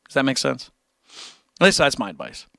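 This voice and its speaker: A man's voice: medium pitch, wildly swooping pitch, fairly quick, vocal fry, pushed and bright, dry recording, clean studio sound. A young man streaming and answering chat questions about guitar, blunt and encouraging, with casual swearing and rambling tangents.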